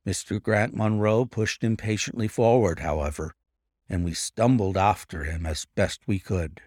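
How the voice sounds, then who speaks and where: A man narrating a classic detective story in an expressive reading voice. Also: fairly low pitch, moderate pace, no echo, studio quality.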